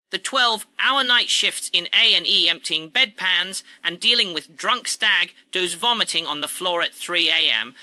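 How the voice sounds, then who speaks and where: A man hosts a scripted commentary, his tone sarcastic and indignant as he rants. His voice sits high and sounds very bright. The recording is close and dry. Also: dry recording, poor audio. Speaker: commentary channel host.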